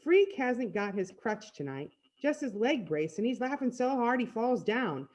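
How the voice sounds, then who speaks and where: A woman reading a storybook aloud in first person, with expressive storytelling. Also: on the high side, measured pace, dull audio. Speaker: reader. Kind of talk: read-aloud storybook narration.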